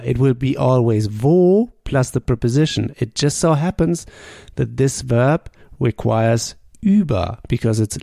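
Slow, gravelly man teaching German. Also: mid-range voice, warm tone, dry recording, studio quality. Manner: slow, patient drills with sample sentences spoken slowly. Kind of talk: language lesson.

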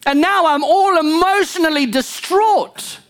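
A woman pastor preaches with animation, alternating loud emphasis with low, murmured asides. She speaks a little slowly and often calls out "come on" and "amen" to the congregation.

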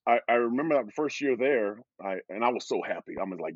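A former pro football player telling a lively anecdote as a guest, with a dull, dry lo-fi recording. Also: male voice, medium pitch, fast, breathy edge. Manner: animated, laughing storyteller. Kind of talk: storytelling.

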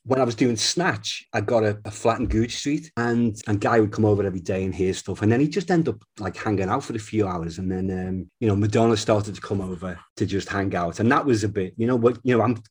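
A middle-aged man with a husky, breathy voice that sits on the low side. He talks as an interview guest, rambling loosely and circling back with fillers and restarts. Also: brisk, few pauses. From Liverpool, England. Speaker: guest, film composer. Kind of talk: casual chat.

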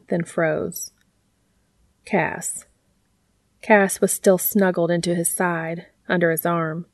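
A woman narrating a story in a calm, even reading voice. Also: fairly low pitch, no echo. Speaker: fanfiction reader. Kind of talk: audiobook narration.

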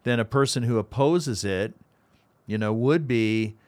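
A man, a pastor and co-host, explaining in a casual discussion, thoughtful and halting with frequent restarts. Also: mid-range voice.

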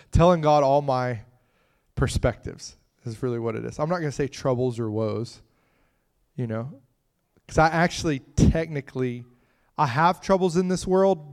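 A man's voice: medium pitch, normal speed, a little mellow. A man preaching a conversational sermon, chatting with the congregation and breaking into fits of laughter.

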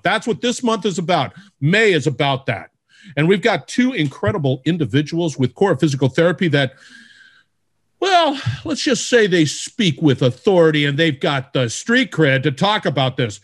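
Lively, high-pitched joking male host. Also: normal speed. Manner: playful, jokey, animated. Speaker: podcast host. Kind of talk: upbeat podcast interview.

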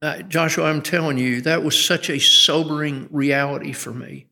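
A man's voice: fairly high pitch, fairly even intonation, normal speed, gravelly, pushed and bright. A middle-aged man speaking as a guest educator in an interview, an earnest storyteller who often restarts his sentences. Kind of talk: conversational interview. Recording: long hall reverb.

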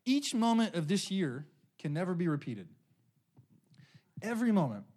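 A middle-aged man delivers a sermon in a loose, conversational way, leaning on personal stories and checking in with the congregation. His voice sits a little high for a man and swings widely in pitch as he talks. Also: sing-song, moderate pace, darkish tone. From California. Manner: casual, conversational storytelling with frequent "right?". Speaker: pastor.

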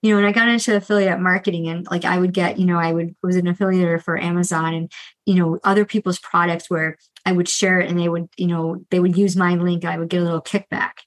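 A middle-aged woman and financial coach, talking candidly and earnestly about her own past with debt, restarting often and tossing in quick asides. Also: on the low side, flat delivery, rough recording. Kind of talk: candid solo podcast monologue.

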